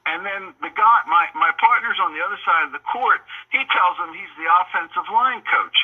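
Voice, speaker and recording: A man phoning in to a radio show, telling a story in an animated, indignant way. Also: sits high, moderate pace, slightly rough. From New York. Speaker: caller. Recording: tinny phone line.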